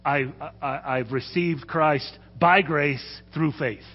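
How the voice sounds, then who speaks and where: A man's voice: on the high side, slow pace. A man preaching a sermon as pastor, earnest and urging, who sometimes stumbles and corrects himself. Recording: dull sound with long hall reverb.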